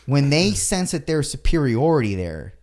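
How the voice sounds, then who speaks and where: A man chatting on a podcast in a measured, reflective way, searching for the right words as he speaks. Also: mid-range voice, big pitch swings, darkish tone. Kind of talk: casual podcast chat.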